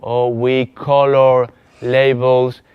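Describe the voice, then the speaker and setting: A man with a Spanish accent leads a hands-on software lesson at an unhurried pace, pausing and restarting as he clicks through each step. His voice is smooth and clear, recorded dry and close with little room sound. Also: medium pitch, little pitch movement, no echo, narrow, tinny audio. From Spain. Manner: halting, many restarts and fillers while demonstrating on screen. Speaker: GIS instructor. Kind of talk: live software training lesson.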